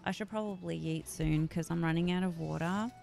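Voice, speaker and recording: A woman's voice: lowish voice, fairly quick, vocal fry, dark tone, soft background music. A woman with a sore voice, chatting casually with her live-stream audience while gaming, swearing freely and grumbling.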